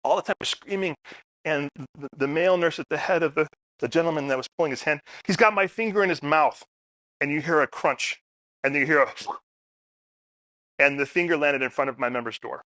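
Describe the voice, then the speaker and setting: A man's voice: on the high side, a little fast, dry recording. A man giving a personal storytelling talk at a public forum, acting out the people in his stories. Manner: animated storyteller, acts out quotes.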